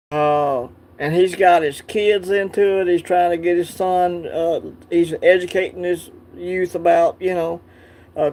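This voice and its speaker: A man's voice: high-pitched, dark tone. A man from Alabama with a Southern accent, hosting a casual coin-collecting livestream, rambling, laughing and answering viewers' chat.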